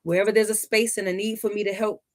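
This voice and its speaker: Animated woman telling a family story. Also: medium pitch, fast. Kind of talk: casual storytelling.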